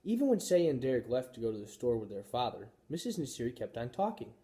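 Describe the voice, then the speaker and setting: A male teacher reads a children's chapter book aloud, telling the story expressively. His voice is mellow and warm, with a pitch that moves in a lively way. It sounds like a read-aloud for young listeners. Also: fast talker.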